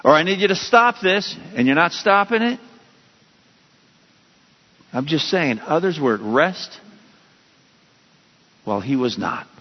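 A man preaching a sermon as a pastor, with sudden rises in pitch and emphasis. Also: animated, a little slow, pauses often. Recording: dull lo-fi sound with long hall reverb.

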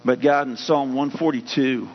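A man's voice: medium pitch, steady tone, moderate pace. A male pastor delivering a sermon, rising in emphasis as he reads scripture. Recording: dull hum-laden audio with long hall reverb.

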